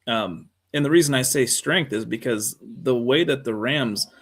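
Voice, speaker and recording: Man with a gravelly voice, casual sports chat, lots of "you know" and restarts. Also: medium pitch, a little slow. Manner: rambling with many fillers and restarts. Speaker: co-host.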